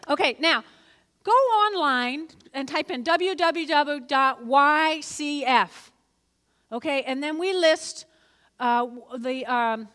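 A woman pastor preaching a lively sermon in a church, prompting the congregation to repeat phrases back to her. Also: high-pitched, long reverb tail. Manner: lively, calls for congregation responses. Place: church sanctuary.

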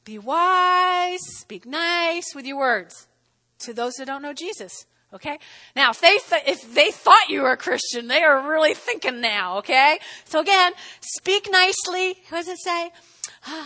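A woman preaching a sermon in an animated way, often breaking off to ask "okay?" and acting out little scenes. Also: high-pitched, normal speed. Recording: long hall reverb.

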